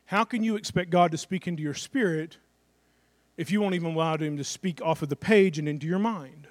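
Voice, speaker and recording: A middle-aged pastor delivers his sermon in a notably high, light voice, keeping it chatty and direct. He fires off rhetorical questions and slips into quick acted-out asides. The sound is close and dry, with no room around it. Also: no echo.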